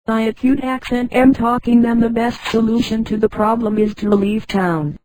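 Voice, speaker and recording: A computer-voiced woman reading the lines of a cool, businesslike older male patron, in a flat delivery. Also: fairly high pitch, normal speed, no echo, close to an everyday voice, low-quality recording.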